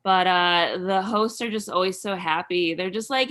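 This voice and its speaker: Rambling woman comic, bright voice. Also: on the low side. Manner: rambling, halting, full of fillers. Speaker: stand-up comedian. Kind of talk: stand-up set over video call. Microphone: video call.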